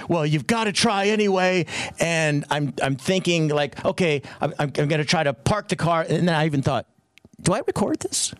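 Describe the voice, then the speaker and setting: A middle-aged man co-hosting a radio show, telling a story in an excitable way and acting out quotes in a raised voice. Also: a little high, no room sound. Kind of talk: animated storytelling chat.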